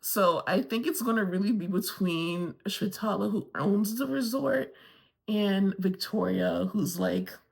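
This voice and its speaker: A woman's voice: mid-range voice, a little slow, gravelly. A woman from Florida giving a candid, gossipy recap of a TV episode and swearing casually along the way. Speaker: TV review vlogger.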